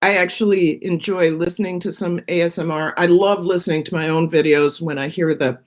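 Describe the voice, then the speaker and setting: A woman's voice: fairly low pitch, fairly even intonation, a little fast. A middle-aged woman chatting casually on her own live stream, rambling from one thought to the next while she eats. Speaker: vlogger on her own channel.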